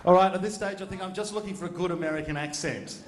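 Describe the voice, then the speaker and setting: Playful male emcee, high voice. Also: quick pace, crowd noise. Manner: playful, teasing, bantering with guests. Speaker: event host. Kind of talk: emceeing a live audience show. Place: event function room. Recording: echoey event hall.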